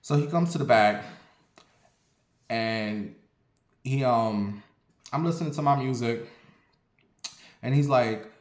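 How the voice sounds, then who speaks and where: A man from Ohio telling a casual story in an animated, profane, dramatic way. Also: mid-range voice, slow pace, pauses often. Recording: roomy echo.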